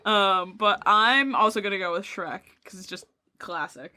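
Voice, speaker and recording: A woman co-hosting a podcast with a bright, crisp voice. She sounds easygoing and upbeat, and cheers the others on. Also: mid-range voice, normal speed, slight background noise. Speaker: podcast co-host. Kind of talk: casual podcast chat.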